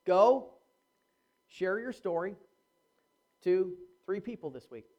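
A preacher swinging from loud to hushed. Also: male voice, lively intonation, slow pace. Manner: dynamic, swings from loud urging to low quiet pleading; talks straight to the congregation with calls and challenges. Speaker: pastor. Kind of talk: sermon.

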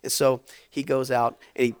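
A male preacher spins a story for his congregation in a relaxed, chatty sermon voice. He stumbles through fillers and restarts as he talks. He drops to quiet asides, then surges into loud, emphatic bursts. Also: mid-range voice, moderate pace, clean tone, dry recording, studio quality. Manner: conversational, frequent fillers and restarts; swings between soft asides and loud bursts.

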